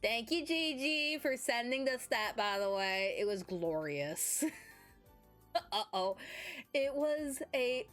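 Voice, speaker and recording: A sleepy young woman streamer chatting casually and rambling with lots of fillers. Her pitch sits a little high and swings up and down in a lively way. She giggles easily and keeps yawning. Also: takes it slowly, soft background music. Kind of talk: casual chat.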